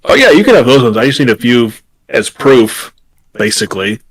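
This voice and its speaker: A man playing a young woman adventurer in a tabletop game, in a high, gushing voice. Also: very animated, moderate pace, low-quality recording. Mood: offhand.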